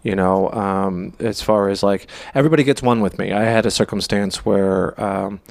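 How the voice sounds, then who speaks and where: A man on a podcast, telling a personal story with lively quoted dialogue. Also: lowish voice, normal speed, gravelly, dry recording. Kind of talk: casual podcast chat.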